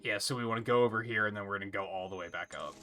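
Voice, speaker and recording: A man's voice: fairly low pitch, very fast, bright, forceful tone, soft background music. A man streaming a video game live, rambling casually and thinking aloud as he plays. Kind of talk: casual live gameplay commentary.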